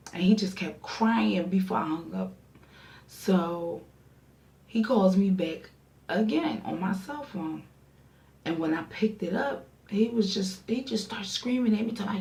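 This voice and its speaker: A young adult woman telling a storytime vlog, animated and profane, acting out the voices she quotes. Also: mid-range voice, measured pace, creaky, distant mic. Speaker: vlogger. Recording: echoey room, mic set back.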